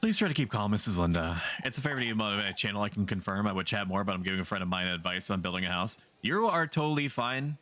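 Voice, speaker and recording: Sardonic, low-voiced male streamer. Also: lively intonation, quick pace, few pauses, pushed and bright. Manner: sardonic, joking, swears casually. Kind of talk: casual livestream chat.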